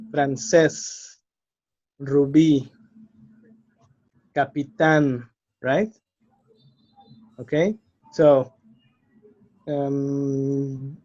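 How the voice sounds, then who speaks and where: A man's voice: fairly high pitch, a little mellow. A man teaching a language lesson, patiently spelling out letters and listing example words. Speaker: Spanish teacher. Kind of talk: slow explanatory lesson. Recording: slightly dull lo-fi recording.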